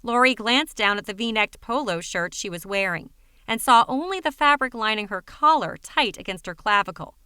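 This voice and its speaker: Woman narrator, audiobook, wry even storytelling, bright voice, dry close mic. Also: mid-range voice, moderate pace, clean tone, dry recording.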